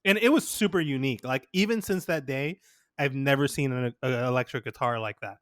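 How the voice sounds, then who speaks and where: A dry, clean studio recording catches a young man co-hosting a podcast at a fairly quick pace and medium pitch. He's an animated storyteller in casual conversation, laughing often and quoting the people in his tale.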